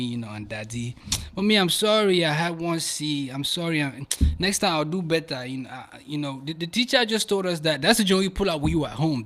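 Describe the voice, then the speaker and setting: Man, young adult, from Africa, podcast host, casual animated chat, mid-pitched voice. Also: breathy edge. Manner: animated slangy chatter, addresses viewers directly. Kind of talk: casual video commentary.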